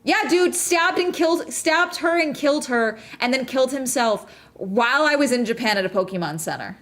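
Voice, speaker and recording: A woman's voice: sits high, expressive, moderate pace, fairly bright tone. A woman streamer reacting to a video in casual chat, anxious and swearing, urging the person on screen to get away. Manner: anxious, swearing, urgent pleading.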